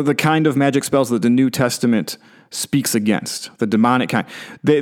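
A man who is a pastor, preaching in a conversational, animated way and often restarting or repeating his words. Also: mid-range voice. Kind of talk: conversational sermon.

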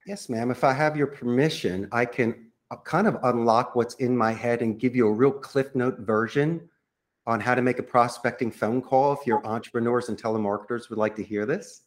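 A man who runs a call center, a guest on a podcast, coaching listeners on phone sales with lively acted-out sample calls. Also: mid-range voice, normal speed. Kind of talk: podcast interview, coaching monologue.

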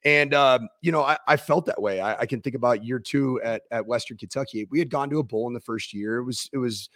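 A man's voice: mid-range voice, brisk, fairly bright tone, no echo, studio quality. A man who is a former football coach, co-hosting a casual sports chat, reflective and self-deprecating, laughing easily.

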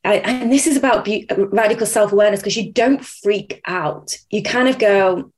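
A woman's voice: medium pitch, moderate pace, hardly any pauses. A woman hosting a podcast, chatting casually and acting out the voices in her stories. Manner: animated storyteller, acts out quotes. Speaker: podcast host. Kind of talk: casual interview chat.

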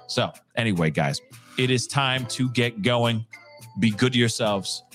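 A man's voice: medium pitch, unhurried, fairly bright tone, faint music behind. A man hosting a casual live news commentary show, talking straight to his viewers and laughing at his own jokes.

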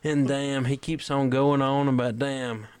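A man's voice: mid-range voice, level tone, measured pace, a little mellow, clean tone, no room sound. Profane rambling storyteller man. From Georgia, US. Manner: profane rambling drawl, peppered with "damn". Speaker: podcast guest storyteller. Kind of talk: casual storytelling.

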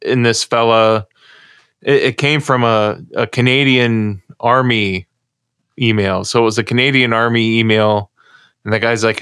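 A man's voice: mid-range voice, fairly bright tone, clear, resonant tone, no echo. American guy rambling thru a story on a podcast, lots of restarts, dry close mic. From United States. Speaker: co-host. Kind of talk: casual podcast chat.

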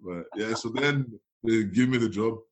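A man's voice: on the low side, moderate pace. Laughing man telling stories. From France. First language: French. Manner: animated storytelling, acts out dialogue, laughs often. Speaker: guest, former footballer. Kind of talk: casual chat.

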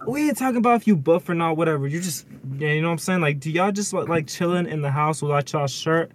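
A man with a fairly high voice banters loosely on a casual podcast. He talks in easygoing slang, calling everyone bro and y'all. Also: quick pace, a little hiss or hum. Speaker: podcast co-host.

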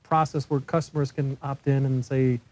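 An older man speaking on a panel, telling a workplace story in a halting way, often repeating words and acting out quoted lines. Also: mid-range voice, flat delivery, darkish tone, poor audio. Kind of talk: casual anecdote on a panel.

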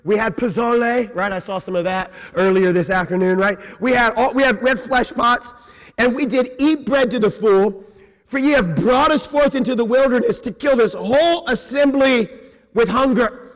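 A man preaches a sermon as pastor, his voice pitched high. He talks in a lively, conversational way, often checking in with the listeners and slipping in jokes. The sound rings with the long reverb of a large church hall. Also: normal speed. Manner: animated, conversational preaching with repeated "right?" asides and joking. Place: church sanctuary.

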